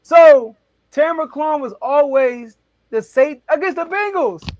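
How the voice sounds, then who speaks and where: A very high-pitched man hosts a casual sports debate show, spinning stories excitably with big jumps in his voice, yet at a measured pace. The recording is dry.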